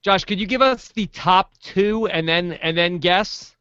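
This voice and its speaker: A man's voice: high voice, measured pace, sharp tone, clear, resonant tone, no echo. A man hosting a podcast in casual chat, steering the segment and laughing easily. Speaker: podcast host. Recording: dull lo-fi podcast audio.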